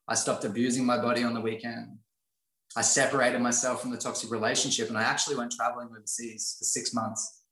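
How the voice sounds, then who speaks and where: A man's voice: medium pitch, level tone, quick pace, a bit bright. Earnest man telling his story, echoey. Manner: earnest, repetitive, emphatic. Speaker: guest sharing his life story. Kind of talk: motivational storytelling. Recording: roomy echo.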